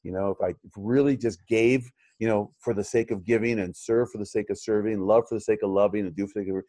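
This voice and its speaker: A man's voice: on the low side, fairly even intonation, fast talker, dark tone, no room sound. A middle-aged man, a chiropractor and coach, talking in a casual interview, rambling with many fillers and restarts.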